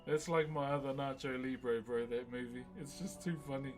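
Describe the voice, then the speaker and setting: A man's voice: medium pitch, steady tone, normal speed, soft background music. A young man chatting casually on a live stream, laid-back and slangy, laughing often.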